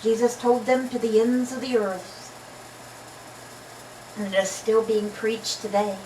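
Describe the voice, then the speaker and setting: Reading scripture for her relaxed vlog, this lisping woman chats and cracks jokes in the gaps. Her voice sits on the high side, a little mellow, with a level tone and measured pace. Faint hiss or hum accompanies the echoey, distant recording.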